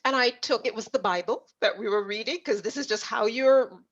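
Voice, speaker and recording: A woman's voice: a little high, moderate pace. A middle-aged woman from Jamaica, a leadership coach, telling stories from her life as an interview guest and acting out remembered dialogue. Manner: animated storyteller, acts out remembered dialogue. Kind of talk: conversational storytelling interview. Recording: dull lo-fi audio.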